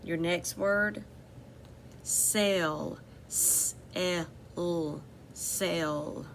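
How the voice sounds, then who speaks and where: A woman's voice: lowish voice, slow, a bit bright, slight background noise. A woman teaching a phonics lesson to children, patiently repeating each word and giving step-by-step instructions.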